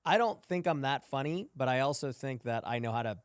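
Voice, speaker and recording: A male host chatting loosely in an interview, his pitch swinging widely as he acts out the people he quotes. The sound is close and dry with no room around it. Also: a little fast, clean tone, no echo. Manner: animated, acts out quotes in raised voice. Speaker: podcast host. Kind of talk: casual interview chat.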